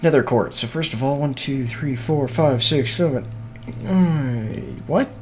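A man's voice: medium pitch, a little slow, slight background noise. A man streaming a video game, muttering to himself in casual, scattered chatter with frequent swearing and hiccups.

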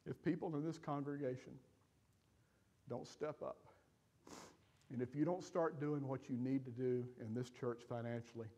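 A man in the middle of his register delivers an emotional sermon from the pulpit, pleading and then pressing hard with loud, emphatic appeals. His voice rings out through a church with a long reverb tail. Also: mid-range voice, steady tone, moderate pace, pauses often. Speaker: pastor. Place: church sanctuary.

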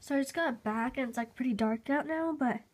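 A woman's voice: high voice, fairly quick. Stuffy-nosed teen girl vlogging. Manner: rambling, many "like" and "um" fillers. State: stuffy nose from a cold. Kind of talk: casual vlog chat.

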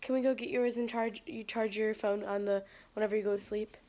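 A woman's voice: medium pitch, flat delivery, fairly quick, mellow. A young woman vlogging casually into a phone camera, rambling and chatty with lots of fillers. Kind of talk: casual vlog chat. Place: outdoors on a porch at night.

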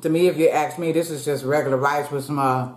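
A woman's voice: low voice, steady tone, fast, darkish tone. A middle-aged woman chatting folksily with her viewers while eating lunch on camera, casual eating-show talk. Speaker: mukbang vlogger. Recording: echoey room with faint background hum.

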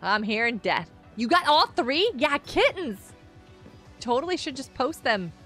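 A woman streaming a game, chatting with viewers in an excitable way, often gasping and exclaiming. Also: high-pitched, a little slow, soft background music. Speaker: gaming streamer. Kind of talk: live gameplay commentary chatting with viewers.

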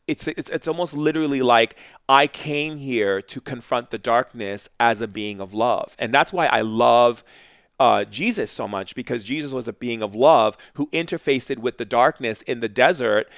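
A man telling a spiritual story as a podcast guest, intense and animated, dropping his voice soft for quotes. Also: mid-range voice, no echo, studio quality. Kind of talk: storytelling in conversation.

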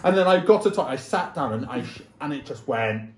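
A man's voice: medium pitch, expressive, a little fast, a little hiss or hum. A young man hosting a casual game video, playfully reading out questions and swearing freely. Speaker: video host. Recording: roomy echoey room sound.

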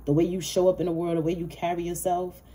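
Low mellow-voiced woman doing a tarot reading, aave, cussing and laughing a lot. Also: level tone, quick pace. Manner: profane, laughing, playful hype-talk. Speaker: tarot reader. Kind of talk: casual tarot reading monologue.

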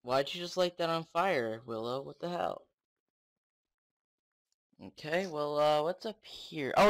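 A young man commenting on his own game play, excitable and swearing often, talking to the game. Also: medium pitch. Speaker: gamer.

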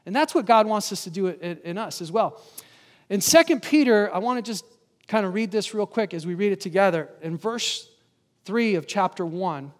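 A man preaching with a high, bright voice that carries through a reverberant church hall. He keeps turning to the congregation with questions and calls for their answers, then reads scripture aloud. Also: expressive, normal speed. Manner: engaging, asks the congregation questions. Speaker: guest pastor. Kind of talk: sermon. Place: church sanctuary.

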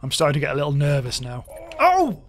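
A man's voice: medium pitch, level tone, rapid-fire. A young man chatting wryly through a let's play, exclaiming at what happens on screen. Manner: chatty, wry, exclaims at game events. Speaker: gaming YouTuber.

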